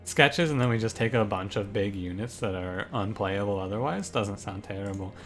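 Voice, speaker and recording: A man's voice: lowish voice, normal speed, fairly bright tone, faint music behind. A young man giving casual commentary on a card game as he streams it, thinking aloud with many restarts. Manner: thinks aloud, restarts, gets ranting and exasperated. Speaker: gaming streamer.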